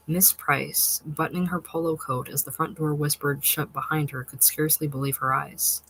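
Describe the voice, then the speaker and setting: Measured, expressive short-story narrator. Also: medium pitch, slight background noise, rough recording. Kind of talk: literary short-story reading.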